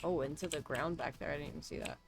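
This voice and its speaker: A woman's voice: deep voice, fast talker, soft background music. A woman streamer giving casual gameplay commentary, chatty and self-deprecating as she talks to her chat.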